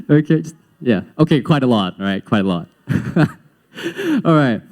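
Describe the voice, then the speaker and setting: A man's voice: on the high side, slow pace. A young man from Singapore with a slight Western-sounding accent, telling his life story on stage to a young audience and acting out quotes as he goes. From Singapore, raised in Southeast Asia. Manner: animated storytelling, acts out quotes, laughs often. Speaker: youth event speaker.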